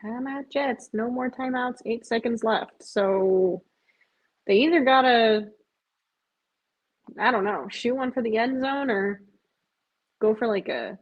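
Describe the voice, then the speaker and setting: Woman streamer, husky higher voice, casual play-by-play chatter, muffled lo-fi mic. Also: slow, pauses often. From US Midwest. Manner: chatty, frequent "like", swings to loud disbelief at big plays. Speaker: sports streamer watching a game live. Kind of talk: casual live-watch commentary. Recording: dull lo-fi sound.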